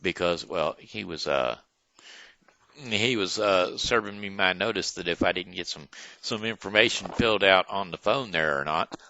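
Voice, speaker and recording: A man hosting his own casual home video show, talking in a folksy, animated way and stumbling over names, recorded at home near his front door. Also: sits low, normal speed, lo-fi sound. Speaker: host.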